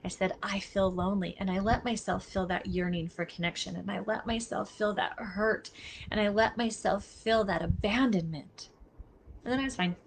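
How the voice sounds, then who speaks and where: A woman's voice: mid-range voice, gravelly, slight background noise. A middle-aged woman giving a casual live teaching talk, earnest and emphatic, speaking straight to her listeners. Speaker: body mapping teacher. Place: outdoors near traffic.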